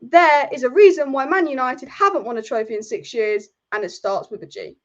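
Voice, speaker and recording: A woman's voice: high-pitched, brisk, highs cut off. A woman hosting a football live stream, furious and exasperated, repeating herself as she rants. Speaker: football channel host.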